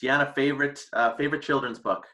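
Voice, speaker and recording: A man hosts a relaxed chat, tossing out rapid questions and teasing his guests. His voice is bright and forward, sitting at an ordinary pitch for a man. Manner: playful, teasing. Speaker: host.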